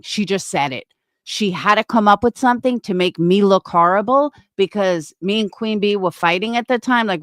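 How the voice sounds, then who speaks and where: A woman's voice: medium pitch, no echo, clean studio sound. Blunt, profane woman commentary host. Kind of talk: angry commentary.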